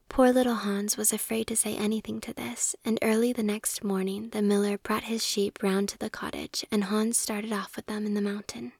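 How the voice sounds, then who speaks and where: A woman reading a story aloud in a whisper, in a soft, steady way. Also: medium pitch, normal speed, creaky, hardly any pauses, breathy edge, dry recording, clean studio sound.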